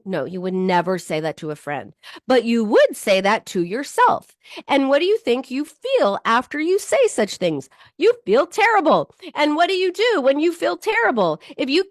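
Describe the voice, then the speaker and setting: Animated woman psychologist giving advice. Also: fairly high pitch, dry recording, studio quality. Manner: animated, self-deprecating, acts out inner voices. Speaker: psychologist and show host. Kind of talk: self-help talk to viewers.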